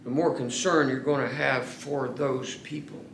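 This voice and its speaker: Earnest male pastor mid-sermon, drawn-out emphasis; reverberant church sound. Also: mid-range voice, steady tone, creaky, a bit bright, slight background noise. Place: church sanctuary. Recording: echoey church room.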